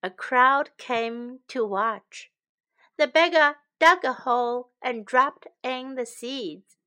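A woman reading a children's story aloud slowly and clearly for English learners. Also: high voice, bright, forceful tone. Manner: slow, clear, teacherly.

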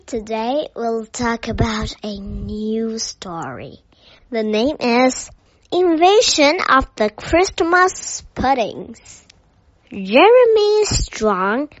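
Female storyteller, native Chinese speaker, slow careful English read-aloud, high voice. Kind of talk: reading a children's story aloud. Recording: dull lo-fi recording.

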